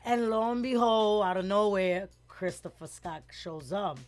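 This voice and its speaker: A woman's voice: medium pitch, measured pace. Middle-aged new lady telling a story, acts out everyone's voices, light music under her. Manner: animated, acts out quoted voices, switches between English and Spanish words. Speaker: guest. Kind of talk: casual storytelling interview.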